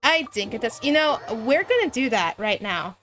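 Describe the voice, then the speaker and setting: A woman's voice: fairly high pitch, sing-song, normal speed, fairly bright tone, slight background noise. Giggly soprano woman streaming a game. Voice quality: light soprano voice. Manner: chatty, giggly, lots of restarts. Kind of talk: casual livestream chat while gaming.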